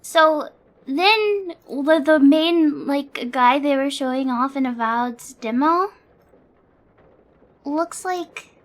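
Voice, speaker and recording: A young woman streams and chats casually, in a high voice that sits well above most women's. She talks slowly and sounds sleepy, rambling with plenty of fillers and casual swearing.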